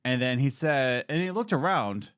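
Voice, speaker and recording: A man co-hosting a casual gaming podcast, joking and telling stories with lively voice changes. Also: mid-range voice, smooth, dry recording, clean studio sound. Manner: animated, jokey, quick voice changes. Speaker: podcast co-host. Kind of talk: casual chat.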